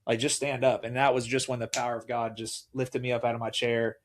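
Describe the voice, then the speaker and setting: A man in casual conversation, recounting a personal story with lively energy. He slips into quoted voices as he goes, keeping the talk loose and conversational. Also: mid-range voice, fairly quick, a little hiss or hum. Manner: animated, acts out quoted voices. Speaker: podcast guest.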